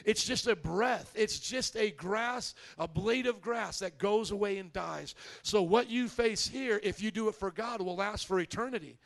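A man's voice: sits high, normal speed, creaky, hardly any pauses. A male pastor preaching a sermon to his church, emphatic and prompting the congregation to answer back.

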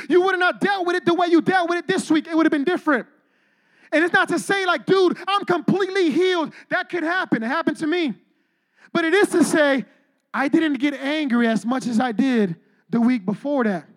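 Pastor guy preaching, super high voice for a man, slangy, lively storytelling. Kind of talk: sermon.

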